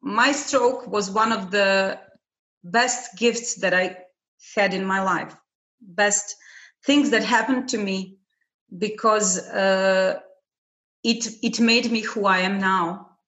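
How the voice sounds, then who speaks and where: A woman speaking in conversation, hesitant, with many fillers and pauses. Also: medium pitch, fairly even intonation, fairly bright tone, roomy sound. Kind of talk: casual conversation.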